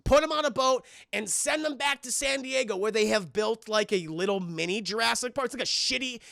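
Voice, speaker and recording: Animated high-voiced man reviewing a film. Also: brisk, vocal fry, no echo, studio quality. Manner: animated, swearing, doing silly character voices. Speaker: streamer reviewing a film with his chat. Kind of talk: casual film review chat.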